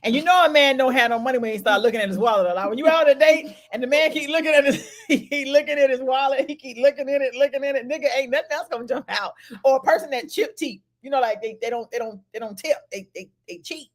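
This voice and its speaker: Woman, rapid talker, slightly high voice, animated storyteller, casual chat. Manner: animated storytelling, laughing, loud retorts. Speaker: podcast co-host.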